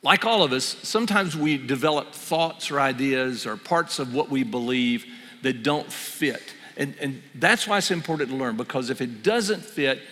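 A man preaching an earnest sermon as pastor, slowing down on key phrases and repeating them for emphasis. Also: mid-range voice, lively intonation, bright, forceful tone. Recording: reverberant church hall.

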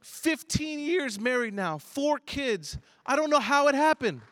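High-voiced animated man preaching. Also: a little slow, slight background noise. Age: 30s. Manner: animated preacher, swings between loud emphasis and low asides. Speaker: pastor. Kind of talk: sermon.

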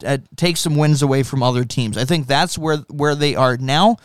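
Male co-host, halting and thoughtful delivery, smooth clean tone. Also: mid-range voice, dry recording, studio quality. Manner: halting, many fillers and restarts. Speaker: podcast co-host. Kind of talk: casual sports chat.

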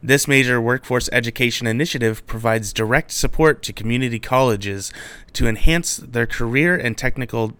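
A man presenting a local news bulletin in a steady newsreading manner, now and then breaking off for a joking aside. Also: medium pitch, clear, resonant tone, no echo.

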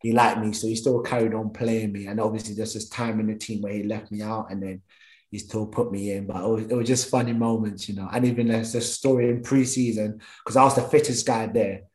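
A man's voice: lowish voice, brisk, roomy sound, low-quality recording. A man, a former professional footballer, telling stories from his career in conversation and acting out his thoughts. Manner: animated, acts out his own thoughts and others' words. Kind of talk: storytelling conversation.

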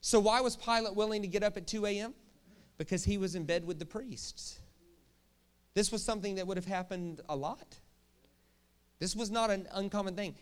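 A man preaching a sermon in a jokey, animated way, often checking in with the crowd with quick questions. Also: sits high. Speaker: pastor.

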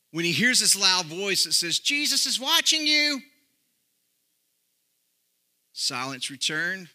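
High, bright-voiced preacher man. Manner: emphatic preaching with rising, sung-out phrases. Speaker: pastor. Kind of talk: sermon.

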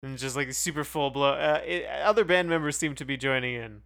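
A man's voice: mid-range voice, brisk, gravelly, fairly bright tone, clear, resonant tone, no room sound, clean studio sound. A man casually co-hosting a music podcast, musing aloud with wry self-doubt. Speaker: podcast co-host. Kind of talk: casual chat about music.

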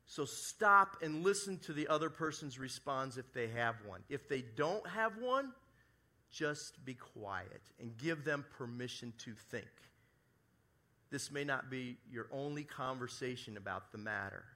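A man preaching a sermon as pastor at a church service, acting out sample apologies and moving between loud emphasis and soft, hushed lines. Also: mid-range voice, expressive, unhurried. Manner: acts out quoted apologies in his own voice.

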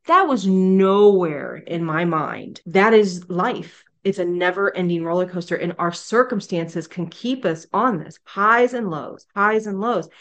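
A woman teaching a Bible study, emphatic and animated, often restarting her phrases as she speaks. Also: on the low side. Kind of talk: devotional teaching.

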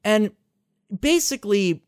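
A man's voice: sits high, animated, slow, a little mellow, clear, resonant tone, no echo, studio quality. A man hosting a podcast, recapping a game in casual chat, swearing freely, laughing often and rambling with restarts. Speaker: podcast host.

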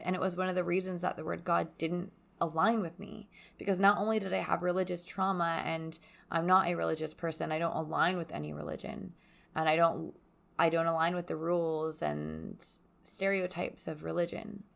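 Young woman podcaster, super gravelly fry, kinda low, soft and confessional, talking from home. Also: fairly even intonation, fairly quick. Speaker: podcast host. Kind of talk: solo podcast monologue. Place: at home by a window onto a yard.

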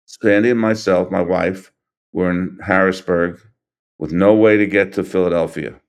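Older guy, lowish voice, stops and restarts a lot, earnest, telling what happened. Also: fairly even intonation. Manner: halting, restarts and trails off, earnest. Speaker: interview guest, grieving father. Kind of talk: recounting events in an interview.

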